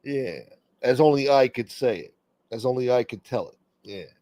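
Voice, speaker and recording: Profane, rambling livestream host. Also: male voice, mid-range voice, lively intonation, moderate pace, dark tone, no room sound. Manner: rambling, profane, reads chat aloud. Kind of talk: casual livestream chat.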